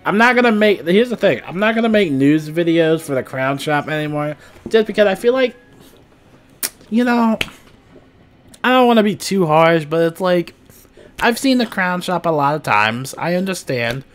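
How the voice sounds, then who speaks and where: A man's voice: sits high, expressive, moderate pace. Rambling young man chatting about a game. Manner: rambling with many fillers. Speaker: gaming YouTuber. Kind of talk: casual gaming news chat.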